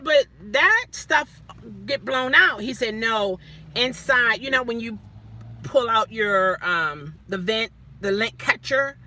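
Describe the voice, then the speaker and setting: A woman telling a story casually as a vlogger, animated, acting out the people she quotes. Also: mid-range voice.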